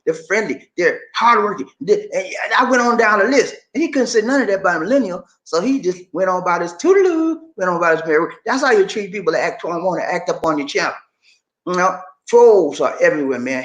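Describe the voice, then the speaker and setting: A man's voice: high voice, fairly bright tone, roomy sound. An older man hosting a motivational live stream, talking in a preachy, rallying way that repeats phrases to draw his listeners in. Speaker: channel host.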